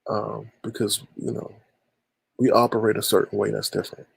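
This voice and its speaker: Gravelly raspy guy running a live call-in stream, repeats himself a lot, dry close sound. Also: fairly low pitch, little pitch movement, moderate pace, no echo. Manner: repeats phrases, addresses chat and callers by name. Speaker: livestream host. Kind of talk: casual livestream chat with callers.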